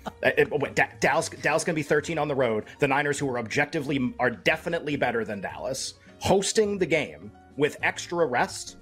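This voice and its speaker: A man's voice: medium pitch, expressive, brisk, a bit bright, faint music behind. A man co-hosting a sports betting podcast, talking in casual, rambling chat, emphatic and self-deprecating.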